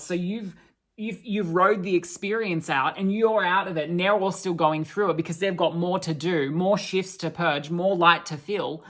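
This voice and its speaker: A woman's voice: on the low side, fairly bright tone. A woman giving a channelled spiritual talk, earnest and restarting her sentences often.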